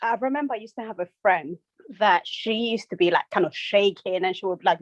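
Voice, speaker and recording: A young woman, a mother of two, chatting on a podcast and telling stories with lively self-quoting. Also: medium pitch, a little fast, dry recording, muffled recording. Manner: animated storytelling, quoting herself. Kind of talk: casual chat.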